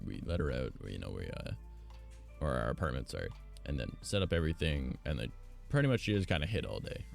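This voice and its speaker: A man's voice: very deep voice, vocal fry, a little mellow. A man streamer telling stories in casual chat, rambling, blunt and profane. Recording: faint background music.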